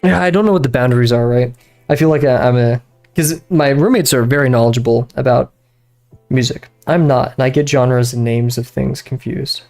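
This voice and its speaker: A man's voice: medium pitch, fairly quick, gravelly, a little mellow, faint music behind. A young man streaming from his bedroom, chatting loosely while he draws, rambling with fillers, restarts and frequent laughs. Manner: rambling, easily distracted, many fillers and restarts, laughs often. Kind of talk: casual chat while drawing. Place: bedroom at home.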